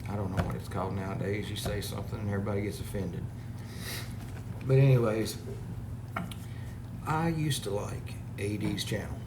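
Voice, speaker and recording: A man's voice: lowish voice, moderate pace, pauses often. A man talking casually to his viewers, exasperated and rambling, reading out comments. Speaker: parody video maker. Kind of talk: casual complaint to camera. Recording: echoey room with background noise.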